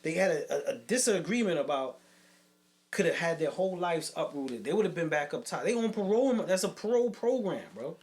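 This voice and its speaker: A New York man tells a story on a casual podcast, his voice sitting high. He slips into the voices of the people he quotes, with loose street slang and plenty of drive. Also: animated, fairly quick, a little mellow. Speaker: co-host, youth program leader.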